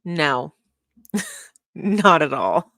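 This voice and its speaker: A woman's voice: deep voice, big pitch swings, drawn-out words, a bit bright, no echo, studio quality. A woman streamer giving sarcastic, pointed reaction commentary on a livestream.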